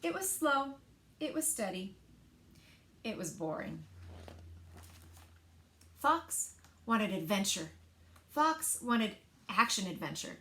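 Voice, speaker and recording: A woman librarian reading picture books aloud to children in an expressive, sing-song storytelling manner. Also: medium pitch, takes it slowly, long pauses.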